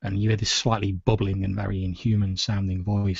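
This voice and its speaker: A man's voice: lowish voice, level tone, fairly quick, gravelly, hardly any pauses, slightly rough, no echo, dull audio. A man running a tabletop game as game master, narrating scenes at length with many "sort of" hedges. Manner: descriptive, with frequent "sort of" hedges.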